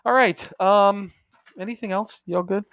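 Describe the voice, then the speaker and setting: A man's voice: sits high, steady tone, normal speed, fairly bright tone, dry recording. A man from Indiana co-hosting a podcast, telling a story in casual chat, swearing and quoting people as he goes. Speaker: podcast co-host.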